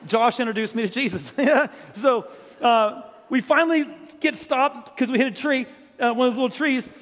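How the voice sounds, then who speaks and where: A middle-aged South Carolina man, a guest preacher, delivers a humorous storytelling sermon from the stage of a church sanctuary, his voice pitched high for a man. He speaks at a moderate pace in a loose, joking, conversational style, swinging from loud storytelling to quiet earnestness. A long hall reverb trails behind his words.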